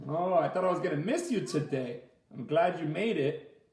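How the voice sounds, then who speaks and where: A man, a martial arts instructor, reading a picture book aloud to children in a gentle, expressive way and asking them questions as he goes. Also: on the high side, moderate pace. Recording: echoey room, far from the mic.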